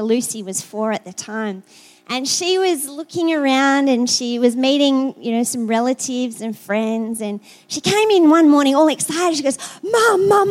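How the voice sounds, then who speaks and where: A middle-aged Australian woman from South Australia giving a sermon in a conversational, storytelling way, often repeating words as she talks. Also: fairly high pitch. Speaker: preacher.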